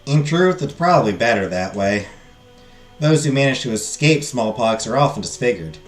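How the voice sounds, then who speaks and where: A man's voice: mid-range voice, lively intonation, moderate pace, reverberant, soft background music, pitched below the performer's own voice, lightly acted. A man doing a wistful farm girl with a Southern drawl. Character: wistful young woman farmer mourning her siblings. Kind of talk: reading game dialogue aloud.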